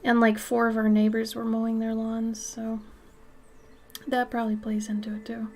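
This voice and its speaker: A woman's voice: on the high side, completely flat delivery, normal speed, darkish tone, a little hiss or hum. Chatty woman streamer with sniffles. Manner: chatty, reads out and answers viewer messages, swears when she sneezes. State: sniffly from seasonal allergies. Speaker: art streamer. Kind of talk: casual chat while painting on a live stream.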